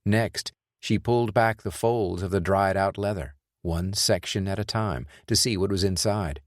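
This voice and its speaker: A man narrating a thriller audiobook in a steady, even storytelling manner. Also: deep voice, moderate pace, dry recording, studio quality. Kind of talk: scripted narration.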